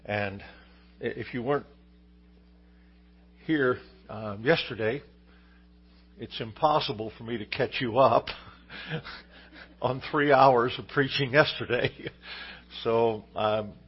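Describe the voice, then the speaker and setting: A man's voice: mid-range voice, slow, long pauses, slightly rough, lo-fi sound. A man preaching a sermon, telling a story in an easygoing way, with fillers and restarts. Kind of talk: sermon with a told joke story.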